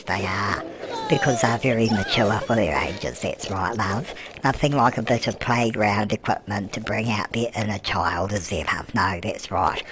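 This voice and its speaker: A man's voice: lowish voice, noisy background. A man voicing a chatty elderly grandmother who comments on a life-sim game, cooing "love" at everyone and answering her own questions. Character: chatty elderly British grandmother, fussing and cheeky. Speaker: gameplay commentator. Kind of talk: comic let's-play commentary in character. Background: background music.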